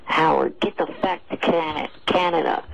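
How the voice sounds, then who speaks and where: A man's voice: fairly high pitch, steady tone, moderate pace, creaky, a bit bright, rough recording. A man calling in to a radio show, answering in curt, combative replies. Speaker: caller. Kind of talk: radio phone call.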